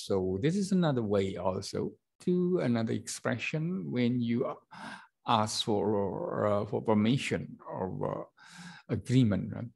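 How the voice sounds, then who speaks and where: Indonesian guy teaching english class, kinda low voice, slow, lots of uh, reads the dialogue out in a higher voice. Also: gravelly, slightly rough. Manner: hesitant, many fillers, reads dialogue aloud with lifted pitch. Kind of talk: online classroom lesson.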